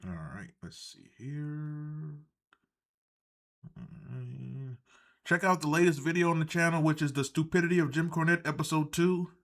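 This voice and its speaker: A man hosts a casual live stream, rambling from topic to topic in a sardonic tone and chuckling at his own jokes. His voice sits a bit high for a man. He talks straight into a desk mic. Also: moderate pace, a bit bright.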